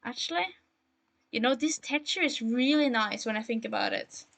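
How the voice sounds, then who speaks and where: A woman's voice: on the high side, normal speed, gravelly, a bit bright, low-quality recording. A young woman from Germany with a German accent, chatting casually and rambling to her chat while she plays. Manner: rambling, self-mocking, talks to chat. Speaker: streamer. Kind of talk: casual live-stream chat while gaming. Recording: streaming mic with faint game music behind.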